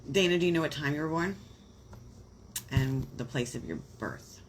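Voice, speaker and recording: An emotional, chatty woman gives astrology readings on a home live stream. She talks in loose, warm phrases full of fillers and stops to tell her viewers she loves them. A faint noise runs under the phone or webcam recording. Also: low voice, expressive, normal speed. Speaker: astrology reader on a livestream.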